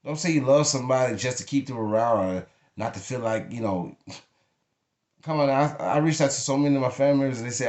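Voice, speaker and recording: A vlogger speaks to the camera in an emotional, venting monologue, his medium-pitched, darkish voice moving quickly. He's blunt and emphatic and curses freely, and the room sounds echoey.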